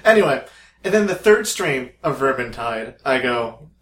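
A man co-hosting a casual podcast, telling stories in a profane, animated way and laughing often. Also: medium pitch, normal speed. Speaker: podcast co-host. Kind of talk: casual chat. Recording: echoey room.

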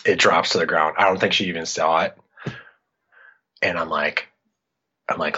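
In dull lo-fi audio, a middle-aged man from Iowa appears as a podcast guest, relating a story in casual conversation. Animated, he reenacts his own past lines in a low voice with a breathy edge at a moderate pace.

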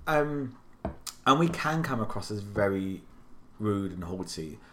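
A man's voice: on the low side, lively intonation, measured pace, pushed and bright. An English man co-hosting a podcast, telling rambling anecdotes in casual chat with lots of restarts. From England. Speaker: podcast co-host.

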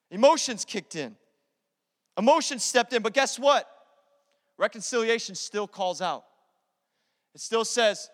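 A male pastor preaching a sermon in an energetic, conversational way, repeating key phrases. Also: very high voice, measured pace, pauses often. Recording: long hall reverb.

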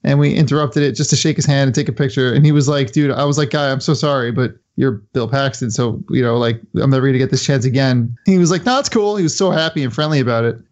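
A man's voice: mid-range voice, fast talker, few pauses, darkish tone. A man on a podcast panel, rambling through a story in casual chat with many fillers. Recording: slightly dull sound.

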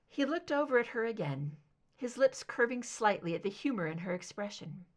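A woman reading fan fiction aloud as an audiobook, narrating in a measured, expressive way. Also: a little high. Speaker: audiobook reader.

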